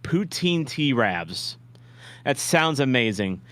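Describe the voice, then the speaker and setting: A man's voice: medium pitch, very animated, slow pace, fairly bright tone, dry recording. Rambling man hosting a dry live stream. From St. Louis, USA. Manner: rambling, self-deprecating, frequent restarts and uh's. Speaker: livestream watch-along host. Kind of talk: casual live-stream chat reading viewer comments.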